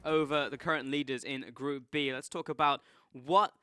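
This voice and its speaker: A man hosting an esports analysis desk, energetic and laughing easily. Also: medium pitch, normal speed.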